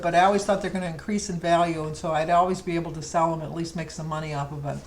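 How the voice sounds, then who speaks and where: A woman's voice: low-pitched, steady tone, racing, darkish tone, rough recording. Chatty middle-aged woman, rambling. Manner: chatty, rambling, fond storytelling. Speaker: vlogger. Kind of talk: casual chat.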